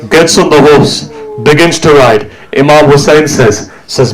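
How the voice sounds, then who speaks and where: A man preaching a mourning sermon as a dramatic story, his voice rising into high, tearful cries and dropping to hushed tones. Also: a little slow, poor audio. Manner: drops to low, hushed tones for quiet moments.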